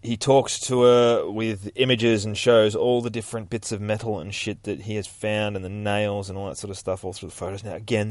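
A man hosting a podcast, giving a crude, excitable recap of a comic book. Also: fairly low pitch, no room sound. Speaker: podcast host.

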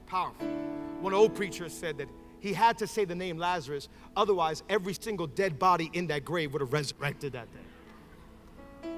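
A man preaching a sermon in a church, moving from casual storytelling to shouted, fervent exhortation. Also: a little high. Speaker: pastor. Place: church sanctuary with congregation.

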